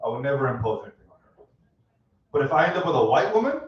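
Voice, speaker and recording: A man in his thirties doing a stand-up set with crowd work, deadpan and self-mocking, laughing at his own jokes on a club stage. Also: medium pitch, rapid-fire. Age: 30s. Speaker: stand-up comedian. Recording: roomy, distant, dull club recording.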